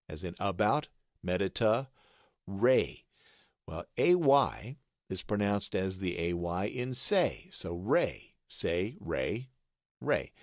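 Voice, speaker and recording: American guy low voice explaining pronunciation slowly, dry close mic. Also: dry recording. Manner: patient, explains step by step, spells letters aloud. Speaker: voice artist teaching pronunciation. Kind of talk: screen-share tutorial.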